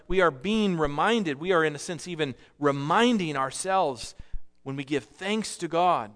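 A man preaching a sermon in an earnest, measured way, stressing key phrases and often repeating himself. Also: on the high side. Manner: earnest, measured preaching with frequent repetitions and restarts. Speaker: pastor.

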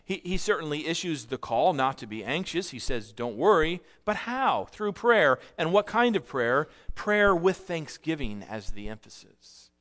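A man preaching a sermon in an earnest, measured way, stressing key phrases and often repeating himself. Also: on the high side, very animated, fairly bright tone. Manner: earnest, measured preaching with frequent repetitions and restarts. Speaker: pastor.

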